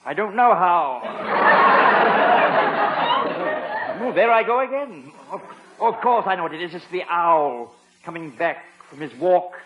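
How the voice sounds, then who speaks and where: An actor playing a flustered, dry-witted English butler in a 1950s radio sitcom, speaking with an English accent and nervous stammers. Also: male voice, sits high, expressive, moderate pace, dull audio, a crowd in the background. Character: fussy, dry-witted English butler, middle-aged man.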